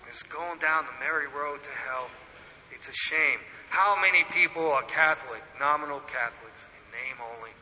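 A man preaching a sermon, impassioned, swinging between loud declarations and hushed asides. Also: on the high side, slight background noise. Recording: long hall reverb.

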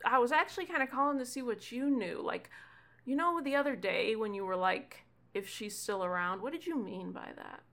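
A woman voicing Gunther, a nervous, pushy young man, in a high, excitable voice. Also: moderate pace. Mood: worried.

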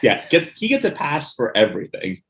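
A man's voice: medium pitch, wildly swooping pitch, fairly quick, creaky. A man co-hosting a podcast in casual chat, joking, laughing often and rambling with fillers. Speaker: podcast co-host.

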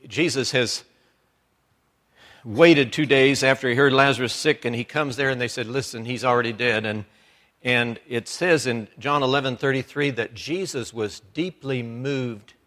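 A man's voice: medium pitch, a bit bright. A man preaching a sermon with fervor, restarting phrases and breaking into exclamations. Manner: fervent, with repeated restarts and exclamations.

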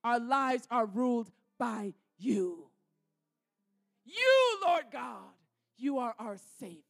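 A woman's voice: on the high side, big pitch swings, takes it slowly, creaky. A woman pastor leading a fervent prayer, declaring and repeating lines with growing force. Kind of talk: sermon prayer.

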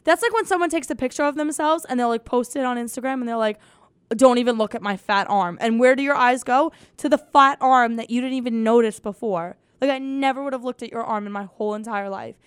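A woman's voice: on the high side, quick pace, hardly any pauses, smooth, dry recording, studio quality. A young woman hosting a casual comedy podcast, sarcastic and swearing freely, mocking quotes in put-on voices. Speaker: podcast host.

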